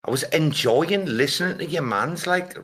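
A man's voice: on the high side, animated, normal speed, a bit bright, breathy edge. A man hosting a casual online chat, sweary and exasperated. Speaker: host.

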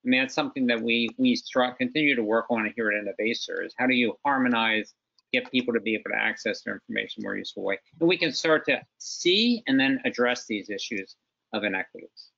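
A man speaking as a panel guest on a webinar, talking in an animated, conversational way. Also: mid-range voice, fast talker, vocal fry, lo-fi sound. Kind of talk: webinar discussion.

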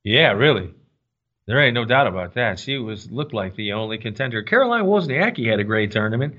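A man's voice: mid-range voice, very animated, brisk, fairly bright tone, dull audio. A man hosting a tennis podcast in a casual, enthusiastic, rambling way from a small studio. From United States. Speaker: podcast host. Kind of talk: casual sports chat. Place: small library recording studio.

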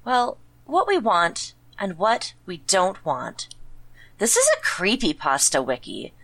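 A woman's voice: on the low side, wildly swooping pitch, takes it slowly, a bit bright, no echo, poor audio. A woman co-hosting a comedy podcast, reading wiki rules aloud and laughing between dry asides. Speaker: podcast co-host.

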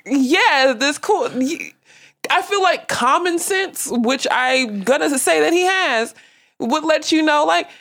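A woman comedian chatting casually on a podcast, blunt and animated, laughing often as she tells stories. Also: sits high, slow. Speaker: comedian guest.

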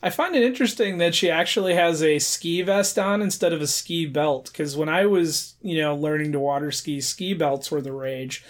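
A man's voice: fairly high pitch, normal speed, few pauses. A man co-hosting a podcast, giving casual commentary on a movie with dry, observational remarks. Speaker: podcast co-host.

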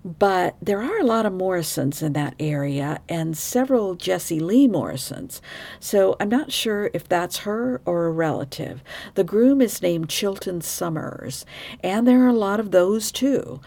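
Woman, true crime podcast host, unhurried delivery, animated intonation, frank and opinionated asides. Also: on the low side, vocal fry.

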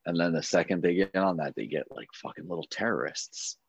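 A man's voice: low voice, lively intonation, fairly quick, vocal fry, husky, no echo. A man co-hosting a podcast, chiming in with blunt, wry remarks in casual chat. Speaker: podcast co-host.

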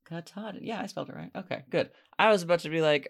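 Fast-talking with vocal fry and hardly any pauses, a man in his thirties from Maine hosts a podcast in a fairly high voice. His casual chat is chatty and self-deprecating.

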